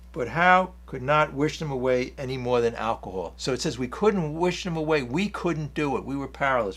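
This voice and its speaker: A man's voice: on the high side, fairly bright tone. A man giving an earnest, rambling spiritual talk on a 12-step program, reading passages from a book and restarting his sentences often. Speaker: 12-step speaker.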